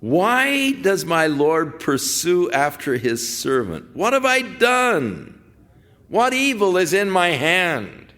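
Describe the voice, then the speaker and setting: A man's voice: high voice, big pitch swings, slow pace, bright, forceful tone, pitched above the performer's own voice, exaggerated voice. A man voicing a young man calling out across a distance, in a raised, pleading voice.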